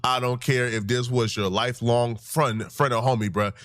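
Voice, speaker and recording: A man's voice: mid-range voice, fairly even intonation, normal speed, fairly bright tone, no echo. A man giving indignant casual commentary, repeating himself for emphasis. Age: 50s.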